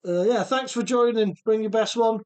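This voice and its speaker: A man's voice: high voice, moderate pace, a little mellow, clear, resonant tone. A man hosting a live stream in his home workshop, chatting easygoing and laughing often as he reads out viewer comments. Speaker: host of a radio-controlled car live stream.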